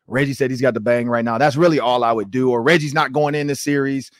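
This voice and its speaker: A man hosting a sports talk show tells long stories in a loose, animated way, full of "like" and quoted dialogue. His voice sits at a middle pitch and sounds close and dry on a studio mic. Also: fast, no room sound. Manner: animated storytelling with many "like"s. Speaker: show host and former coach.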